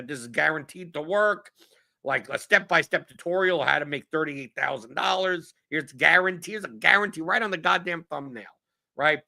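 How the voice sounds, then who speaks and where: Gravelly, profane man ranting. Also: sits high, bright, forceful tone. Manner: blunt, profane, exasperated riffing. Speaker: podcast host answering viewer questions. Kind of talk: casual ranting Q&A monologue.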